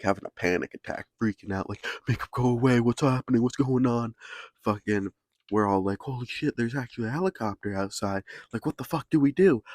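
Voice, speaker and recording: A man's voice: on the low side, no echo. A young man casually telling a story in laid-back slang, swearing constantly.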